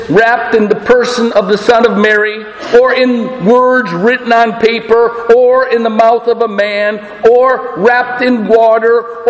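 A man preaching a sermon as pastor, emphatic and deliberate, with rhetorical questions. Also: high voice. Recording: echoey room with long reverb.

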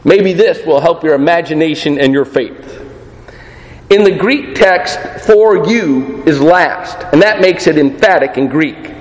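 A man preaching a sermon, emphatic, with rhetorical questions and slow, dramatic pauses. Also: a little high. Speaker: pastor. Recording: roomy hall reverb.

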